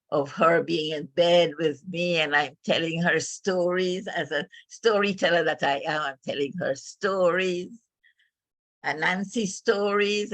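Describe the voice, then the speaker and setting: An older woman tells a family story as a speech, speaking like a storyteller. Her voice is bright and forceful, and her delivery is emotional and halting. The recording is dry and close. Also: on the low side, no echo. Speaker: speaker at a club meeting.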